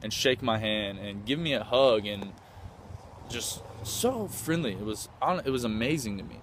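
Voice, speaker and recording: Excited man telling a travel story outdoors. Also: on the low side, normal speed, slight background noise. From United States. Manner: enthusiastic, rambling, with many fillers and restarts. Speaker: traveler recounting a trip. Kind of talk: casual storytelling.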